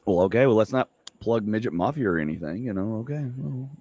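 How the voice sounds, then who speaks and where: A man's voice: on the low side, animated, fast, dark tone. A middle-aged man hosting a podcast from home, talking loosely with lots of fillers and jokes. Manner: loose, rambling, joking, many fillers. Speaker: podcast host. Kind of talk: casual podcast chat.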